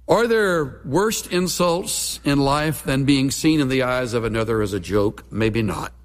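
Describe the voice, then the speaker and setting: A man's voice: medium pitch, unhurried, hardly any pauses, long reverb tail. A middle-aged man, a pastor preaching a sermon with folksy, humorous storytelling.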